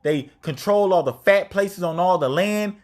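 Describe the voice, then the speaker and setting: A man's voice: sits high, measured pace. A man teaching scripture informally, reading verses aloud and then paraphrasing them in casual, slangy, emphatic speech. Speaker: religious teacher.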